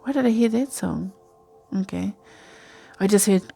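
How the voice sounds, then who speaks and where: A woman with a gravelly, creaky voice at a middle pitch reads tarot cards in a loose, chatty ramble, following her hunches aloud. She speaks from home at night, with faint music playing behind her. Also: measured pace, mellow. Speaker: tarot reader. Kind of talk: casual tarot reading.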